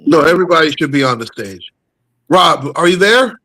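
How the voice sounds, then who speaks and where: A man's voice: a little high, animated, a little fast, bright, forceful tone, low-quality recording. A man hosting a casual sports panel chat. He talks bluntly and laughs often. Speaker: host.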